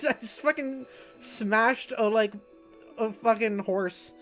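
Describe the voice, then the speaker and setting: A woman's voice: a little high, slow, faint music behind. A woman streaming a game with a friend, playful and giggly, swearing casually. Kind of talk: casual co-op let's-play chat.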